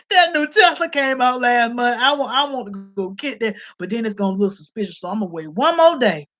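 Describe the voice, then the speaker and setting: A woman riffing straight to her viewers in a high voice. Her tone is bright and forceful. The commentary is loose and profane, and she breaks into laughs often. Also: lively intonation, moderate pace. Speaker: vlogger. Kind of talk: casual comedic commentary.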